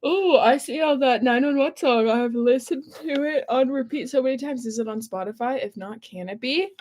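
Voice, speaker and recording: A woman co-hosting a live stream in easy casual chat, her voice a touch higher than most. She is playful and giggly, often drawing out her reactions. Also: normal speed, noisy background.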